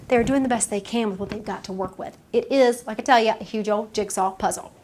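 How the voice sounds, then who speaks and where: Speaking briskly in a medium-pitched, slightly mellow voice, a woman who works as a medium chats her way through an informal talk before a small audience, performing the quoted dialogue and laughing frequently. There's a faint hiss or hum on the recording.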